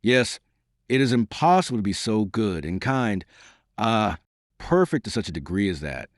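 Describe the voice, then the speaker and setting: A man's voice: on the low side, big pitch swings, moderate pace, dry recording, clean studio sound. A man voicing a desperate, devoted young woman, pleading through tears in an audiobook reading. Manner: pleading, emotional.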